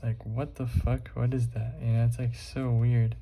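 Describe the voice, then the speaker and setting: A man's voice: medium pitch, level tone, normal speed, vocal fry, warm tone. A young man vlogging while he draws, rambling casually with lots of fillers and swearing. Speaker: art vlogger.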